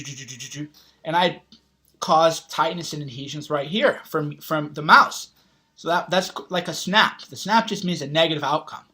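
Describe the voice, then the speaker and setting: A man delivering a self-help talk in a slightly high voice, blunt and casual with plenty of cursing. He rambles from point to point and keeps checking in with "right?" along the way. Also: sharp tone. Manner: blunt, heavy swearing, casual slang; rambling, with frequent "right?" asides. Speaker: self-help author and vlogger. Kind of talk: motivational talk to camera.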